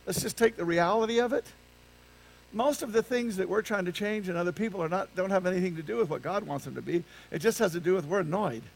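A man's voice: high-pitched, fast, gravelly, poor audio. A male pastor preaching a conversational sermon to his congregation, often stopping to ask them rhetorical questions. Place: church sanctuary with a congregation.

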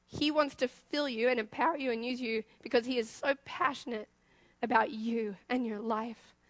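A young woman with an Australian accent preaching a sermon, asking her congregation lively questions as she goes. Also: fairly high pitch, normal speed, dry recording.

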